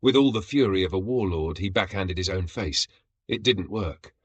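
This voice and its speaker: Husky-voiced male story narrator. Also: deep voice, moderate pace, no room sound, highs cut off.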